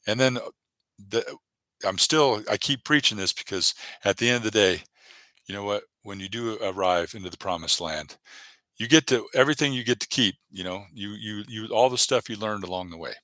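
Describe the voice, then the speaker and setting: A man's voice: on the low side, moderate pace, sharp tone, dry recording. A man hosting a casual livestream, rambling and encouraging as he reads out viewers' chat. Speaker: YouTube livestreamer.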